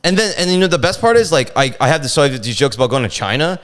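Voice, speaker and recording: Guest comedian, man, lively swinging delivery, smooth clear tone, slips into voices mid-story. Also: fairly high pitch, rapid-fire. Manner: animated, acts out voices in his stories, profane. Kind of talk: casual chat, storytelling.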